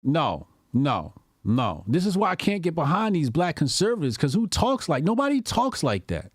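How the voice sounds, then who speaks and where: A man streams casual reaction commentary, mocking and exasperated and quick to curse. His pitch swings widely. The sound is dry and close to the mic. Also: very animated, breathy edge, no room sound.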